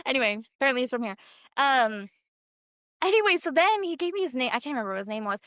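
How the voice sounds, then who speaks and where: A woman's voice: high voice, very animated, fast, a bit bright, dry recording, clean studio sound. A young woman from Canada co-hosting a casual chat podcast, telling stories animatedly and acting out the quotes with laughter. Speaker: podcast co-host.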